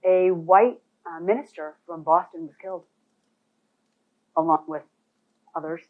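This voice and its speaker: A woman's voice: fairly low pitch, unhurried. A woman leading a real estate boot camp presentation, emphatic and talking straight to the people in the room. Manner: animated, emphatic, addresses audience directly. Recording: phone-like thin sound.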